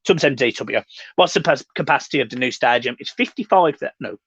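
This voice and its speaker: A man's voice: mid-range voice, lively intonation, fairly quick, a bit bright, husky, no room sound, muffled recording. A young man hosting a fan livestream, reading out chat comments with sweary, laddish banter. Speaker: fan channel host reading live chat.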